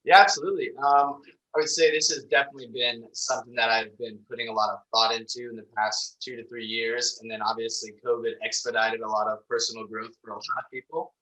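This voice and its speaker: A man's voice: medium pitch, fairly even intonation, fast, bright, forceful tone, low-quality recording. A man in his twenties, a podcast guest, talking in an eager, thoughtful way. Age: 20s. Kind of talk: casual chat.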